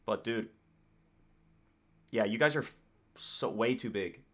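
A man's voice: lowish voice, takes it slowly. An American man hosting a reaction video, commenting casually and rambling with lots of fillers and self-corrections. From United States.

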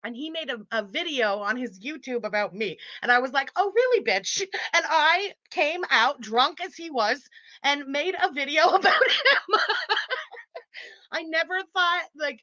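A woman's voice: sits high, expressive, measured pace, sharp tone, no echo. A woman hosting a livestream and reading out super chats in casual chat. She laughs often, teases her viewers and swears freely. She talks through a muffled built-in computer mic. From Quebec, Canada.

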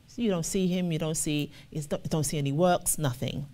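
A woman giving sermon-style Bible teaching, reading scripture slowly with emphasis and acting out the voices of the people she describes. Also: low voice, fairly even intonation, warm tone. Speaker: ministry officer teaching scripture.

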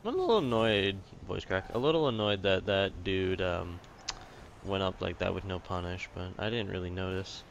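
Male gaming commentator, low voice, excitable and foul-mouthed, light background noise. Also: moderate pace, gravelly. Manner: swearing, excitable, chatty. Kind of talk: casual gameplay commentary.

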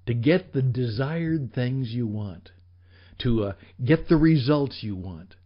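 A man teaching sales on his radio show, his voice rising and falling with lively swings in pitch. He speaks slowly and emphatically, sometimes dropping to a whisper. The recording sounds slightly dull and lo-fi. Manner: emphatic, with dramatic drops to whispers. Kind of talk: animated instructional talk.

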